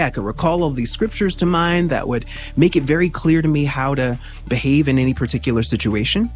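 A man telling a personal story as an interview guest, reflective and pausing to search for words. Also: mid-range voice, soft background music.

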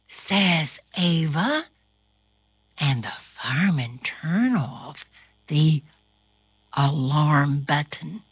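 A woman reading a children's picture book aloud in a highly animated, sing-song storytelling manner with gasps. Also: very slow, long pauses, husky, dry recording, studio quality. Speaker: storybook reader.

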